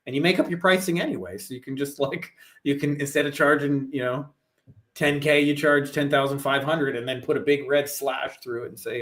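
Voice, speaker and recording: A man's voice: mid-range voice, brisk, a bit bright. A middle-aged man from Canada, a guest chatting casually about marketing, rambling with lots of "like". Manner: rambling, heavy on "like" fillers. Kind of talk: casual chat.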